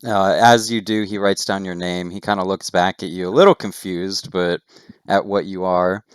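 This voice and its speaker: A man narrating a tabletop game as game master, with steady descriptive narration and casual asides. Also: low voice, normal speed, clean tone, no echo, studio quality.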